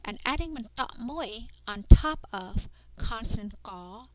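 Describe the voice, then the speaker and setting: A woman's voice: a little high, expressive, low-quality recording. A woman teaching a language lesson, carefully sounding out letters and words one at a time. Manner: careful, deliberate pronunciation of drilled sounds. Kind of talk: slow instructional language lesson. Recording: noticeable background noise.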